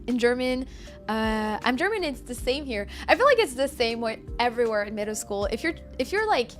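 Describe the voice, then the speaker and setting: Chatty French woman streamer, bright pitch. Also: big pitch swings, a little fast, faint music behind. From France. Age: young adult. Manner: chatty, reads chat aloud, laughs often. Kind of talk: casual live-stream chat.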